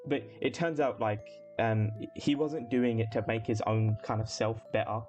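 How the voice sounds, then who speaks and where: A man with a low voice chats casually about an anime episode, trailing through fillers and the odd curse. The sound is dull and lo-fi, with music playing behind him. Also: fairly even intonation, moderate pace, darkish tone. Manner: rambling with many fillers and swearing. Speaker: podcast co-host.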